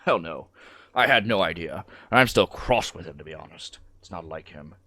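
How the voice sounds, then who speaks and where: A man's voice: low-pitched, expressive, normal speed, pushed and bright, no room sound, exaggerated voice. A man voicing a fussy, pedantic older male cryptozoologist in a game read-through. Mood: indignant. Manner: defensive, lecturing.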